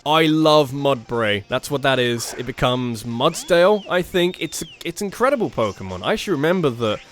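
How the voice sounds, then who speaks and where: A young man with a higher-pitched voice talks briskly with lively intonation and hardly pauses, giving self-mocking, jokey let's-play commentary. As a gaming YouTuber he swears casually and reads the dialogue in put-on voices, over faint game music.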